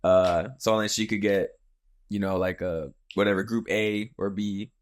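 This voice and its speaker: Man, young adult, podcast host, lowish voice, casual storytelling, swears, acts out quotes. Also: fairly even intonation, moderate pace.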